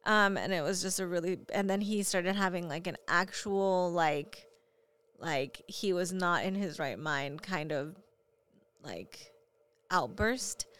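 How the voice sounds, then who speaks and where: Young mom, casual chat, clear smooth voice, candid storyteller with lots of fillers. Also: female voice, lowish voice, slow, fairly bright tone. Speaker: parent.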